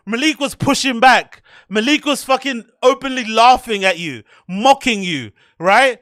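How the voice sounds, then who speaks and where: A man's voice: extremely high pitch, lively intonation, measured pace, hardly any pauses, a bit bright, no room sound, clean studio sound. A man hosting a show, giving profane, sarcastic commentary full of rhetorical questions. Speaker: host. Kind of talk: ranting commentary on clips.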